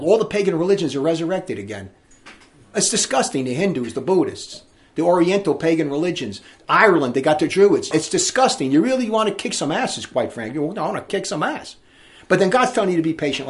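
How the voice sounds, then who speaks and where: A man preaching a sermon, reading scripture aloud in a fiery, emphatic way. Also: fairly high pitch.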